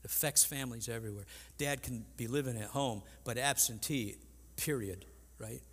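An older man preaching a sermon as pastor, earnest and halting, with frequent restarts. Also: medium pitch, fairly bright tone, husky. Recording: long reverb in a large hall.

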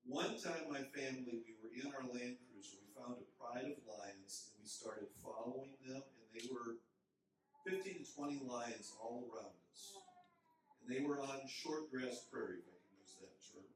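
A man's voice: medium pitch, expressive, normal speed. An older man from Minnesota with a Minnesota accent, a pastor giving a playful story-filled children's sermon. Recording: very echoey hall, distant mic, faint hiss.

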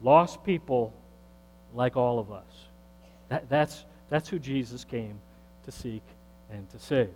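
A man's voice: medium pitch, slow, pauses often. A man preaching a sermon as pastor, emphatic, repeating phrases and putting questions to the congregation. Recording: reverberant hall with faint mains hum.

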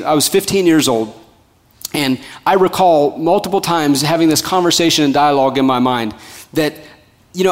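A male pastor delivering a sermon in a rhythmic, repetitive style, swinging from loud emphasis to soft, hushed lines. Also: a little high. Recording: long hall reverb.

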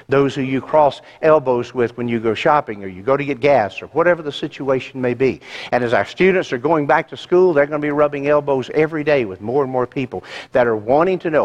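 A male pastor delivering an emphatic sermon, asking the congregation rhetorical questions and walking them through scripture. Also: medium pitch.

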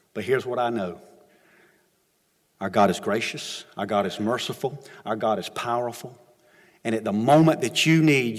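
Earnest pastor preaching in a reverberant church. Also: male voice. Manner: earnest, rising to emphatic questions then dropping low. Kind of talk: sermon with altar call. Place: church sanctuary. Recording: long hall reverb. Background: music.

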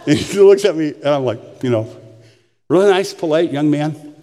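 A man's voice: a little high, lively intonation, measured pace, warm tone. Older male pastor in reverberant church. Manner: folksy, humorous storytelling. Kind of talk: sermon. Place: church sanctuary. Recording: long church hall reverb.

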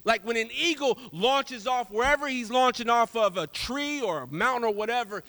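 Man, sermon, high bright voice, lively delivery, long hall echo. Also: normal speed, few pauses. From Houston, Texas. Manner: animated, swings from loud to soft. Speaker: preacher.

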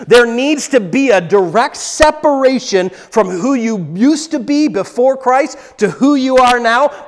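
A pastor giving an emphatic sermon, repeating words for stress, in a church. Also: male voice, very high voice. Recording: long hall reverb.

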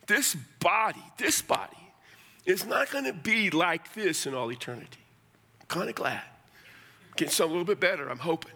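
A man's voice: high voice, animated, brisk, vocal fry, sharp tone. A middle-aged man preaching a sermon as pastor, conversational and folksy with blunt asides. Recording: long hall reverb.

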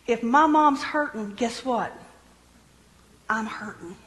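Woman preacher, sermon, animated, humorous, long hall reverb. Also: fairly high pitch, takes it slowly. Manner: lively, animated, jokes with the congregation.

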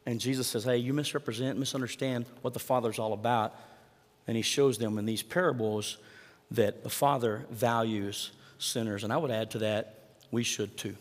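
A man's voice: mid-range voice, fairly even intonation, normal speed, in a large hall. A man preaching a sermon in a conversational way, asking the congregation rhetorical questions. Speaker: pastor.

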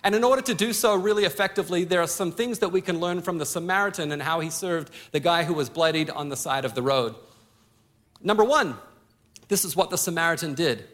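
A man's voice: fairly high pitch, a little fast, a bit bright. A male pastor preaching a sermon, telling a personal story and acting out the lines of the people in it. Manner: storytelling with acted-out quotes.

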